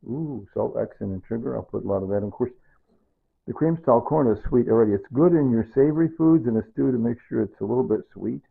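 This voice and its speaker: Male home cook, rambling, repetitive, casual; raspy voice, tinny phone-line audio. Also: medium pitch, quick pace. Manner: rambling, repeats himself. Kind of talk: casual rambling cooking talk.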